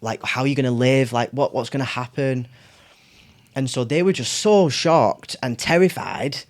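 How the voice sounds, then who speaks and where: Speaking at a normal speed in a mid-range voice, this male podcast guest spins a story during a relaxed chat. He imitates his relatives' voices with lots of energy and frequent laughter.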